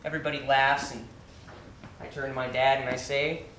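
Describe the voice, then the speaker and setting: A man's voice: medium pitch, little pitch movement, moderate pace, pushed and bright, slight background noise, close to an everyday voice. An actor in his thirties playing a frustrated, hurt gay man on stage, speaking with tense agitation. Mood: bitter. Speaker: visitor. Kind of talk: stage play acting. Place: theater stage. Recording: echoey stage, from far off, faint ambience.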